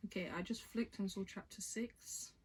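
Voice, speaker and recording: A book vlogger reads a novel aloud in a medium-pitched, slightly mellow voice with a steady tone and moderate pace, over a faint hiss or hum. She keeps stumbling on lines, interrupting herself to chat and giggle in this casual read-aloud vlog.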